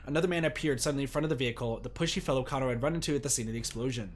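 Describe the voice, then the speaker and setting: Reading a visual novel aloud on stream, a medium-pitched man keeps it animated and rapid-fire with few pauses, shouting excited reactions between the lines.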